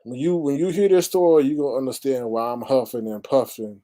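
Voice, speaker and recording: A man's voice: mid-range voice, fairly even intonation, a little fast, hardly any pauses, warm tone. A man hosting a casual livestream, exclaiming, sighing and greeting his chat viewers. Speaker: livestream host.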